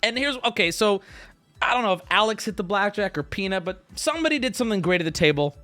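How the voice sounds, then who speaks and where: Swearing streamer man, 30s, high and very lively delivery, casual anecdote to chat. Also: fast talker, soft background music. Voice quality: animated, swearing, jokey. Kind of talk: casual storytelling to a live chat.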